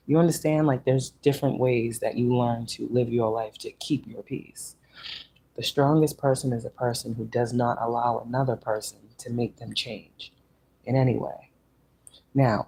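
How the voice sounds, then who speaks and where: Blunt, profane, husky-voiced woman. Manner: blunt, profane, animated, jumps to high pitch when mimicking. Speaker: spiritual reader. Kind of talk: casual monthly spiritual message.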